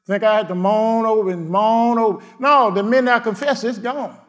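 High-voiced preacher man, fiery. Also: normal speed, dull audio. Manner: swings from shouting to hushed murmurs; repetitive declarations and cadences. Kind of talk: fiery sermon.

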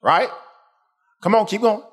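A man's voice: sits high, unhurried, slightly rough. A man preaching a sermon in call-and-response style, pushing the congregation to answer him. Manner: animated, calls for congregation responses.

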